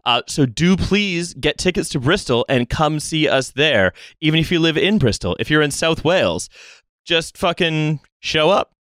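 A man's voice: a little high, lively intonation, normal speed, fairly bright tone, no room sound, clean studio sound. A man hosting a podcast in casual chat, laughing often and swearing freely. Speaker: podcast host.

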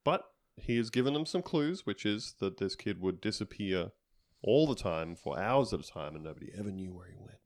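Low-voiced man recapping a show with jokes. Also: expressive, fairly quick. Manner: rambling, joking, lots of fillers and restarts. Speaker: podcast co-host recapping a TV episode. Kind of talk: casual comedic recap chat.

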